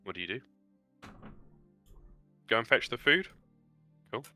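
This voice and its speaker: A man's voice: mid-range voice, big pitch swings, measured pace, bright, forceful tone, faint music behind. A man narrating a tabletop game as game master, loose and casual, with many fillers.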